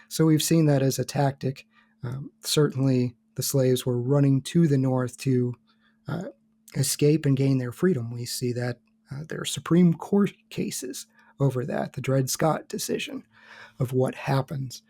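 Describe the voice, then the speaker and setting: A man speaking as a guest on a podcast. His voice has a mellow, dark tone at a middle pitch. He lays out his points in a calm, measured, explanatory way. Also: creaky. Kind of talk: casual podcast discussion.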